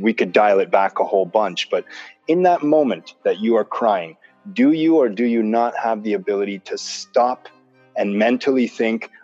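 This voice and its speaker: Low-voiced guy, emphatic, keeps repeating points, muffled lo-fi sound, soft music behind. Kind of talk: casual conversation. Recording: dull lo-fi sound with faint music.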